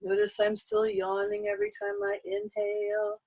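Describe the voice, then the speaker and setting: A woman's voice: medium pitch, completely flat delivery, moderate pace, slightly rough, muffled recording, soft background music. A woman teaching a singing lesson, coaching patiently and leading sung vocal exercises.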